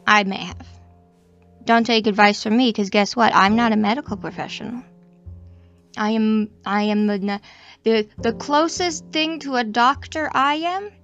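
Young female host, fairly high voice, casual self-deprecating chatter over faint background music. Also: a bit bright, lo-fi sound. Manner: chatty, self-deprecating, meandering with frequent restarts. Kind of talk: casual rambling chat.

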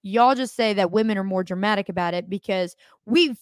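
A young woman co-hosting a podcast, animated and swearing often as she acts out quotes. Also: medium pitch, brisk, no room sound, clean studio sound. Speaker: podcast co-host. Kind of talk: casual podcast chat.

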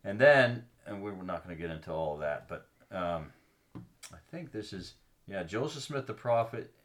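A man's voice: deep voice, expressive, moderate pace, fairly bright tone. A man co-hosting a casual faith podcast, reading scripture aloud and explaining it earnestly, stopping with ums to find his place. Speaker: podcast co-host.

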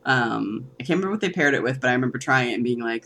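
An enthusiastic woman co-hosts a casual podcast chat. Her pitch moves a lot as she gushes, with many fillers along the way. A faint hum sits behind her voice. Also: lively intonation, very fast, fairly bright tone. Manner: enthusiastic, lots of fillers and agreement sounds. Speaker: podcast co-host.

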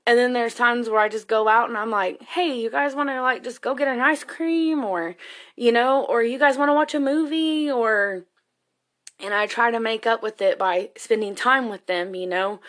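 A woman's voice: medium pitch, a bit bright. A woman, a single mother, talking candidly and emotionally in a rambling personal monologue, swearing freely.

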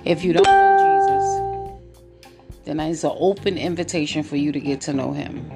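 A woman's voice: low-pitched, moderate pace, creaky, music in the background. A woman hosting a relationships podcast, talking casually and laughing, then turning to earnest encouragement. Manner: chatty, laughs often, preachy encouragement. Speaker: podcast host. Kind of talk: casual late-night monologue.

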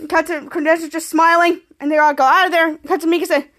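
A woman's voice: very high-pitched, flat delivery, quick pace, fairly bright tone. A woman hosting a podcast, recapping a TV episode scene by scene. She keeps saying "cut to" and reads the characters' lines aloud. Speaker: podcast host.

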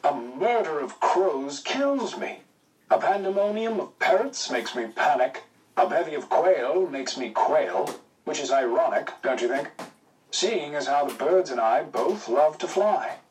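A cheerful young wartime pilot, as a male reader puts him on. He talks briskly and teasingly with dry wit, in a voice pitched a little high. The voice sits some way back from the mic. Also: lively intonation, recorded from a distance, rough recording. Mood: wry. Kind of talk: audiobook character voice.

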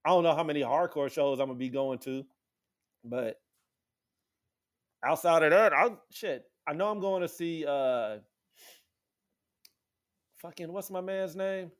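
A man in casual podcast chat, telling a profane, animated story and acting out quotes in sudden high voices. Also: measured pace, pauses often.

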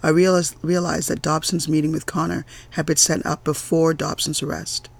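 A man reading a novel aloud in an amateur audiobook, with occasional stumbles and restarts. His voice is gravelly and husky, pitched somewhat high for a man. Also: flat delivery, moderate pace. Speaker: audiobook reader.

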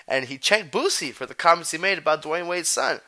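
A man's voice: on the high side, expressive, a little fast, pushed and bright. A man hosting a podcast, talking in loose, profane street slang and rambling from one thought to the next. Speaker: podcast host. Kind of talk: casual chat.

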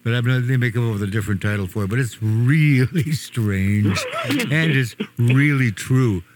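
A man's voice: medium pitch, moderate pace, noisy background. A man hosting a radio talk show, joking around and laughing often as he chats.

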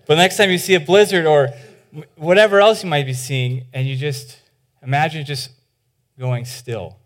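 A pastor giving a sermon in an informal, animated way. He often says "like", restarts his sentences and acts out the voices in the stories. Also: a little high, normal speed.

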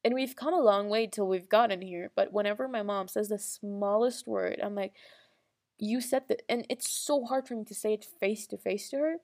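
A young woman speaks to her viewers in an earnest, rambling way, full of restarts and small laughs. Her pitch sits in the middle of the range, neither high nor low. It sounds like a casual, heartfelt personal monologue. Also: normal speed, few pauses, a little mellow. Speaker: vlogger.

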